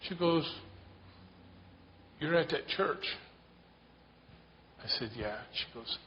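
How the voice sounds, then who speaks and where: Man, church member, relaxed storyteller, self-deprecating, dull lo-fi recording, faint hiss. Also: on the high side, takes it slowly. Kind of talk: casual anecdote told to a church group. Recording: dull lo-fi sound with faint noise.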